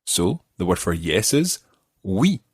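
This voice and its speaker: This low-voiced middle-aged man teaches a friendly podcast language lesson, patiently explaining things and modeling how words sound. He takes it slowly but stays very animated, with a breathy edge, and the recording has no room sound.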